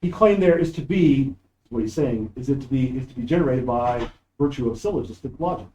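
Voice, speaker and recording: Man lecturing in a dark-toned voice. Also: medium pitch, animated, fairly quick, lo-fi sound, a little hiss or hum. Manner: discursive, emphatic, reads quoted passages aloud. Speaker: philosophy lecturer. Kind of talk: university lecture. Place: university classroom. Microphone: no microphone, audio cleaned up after.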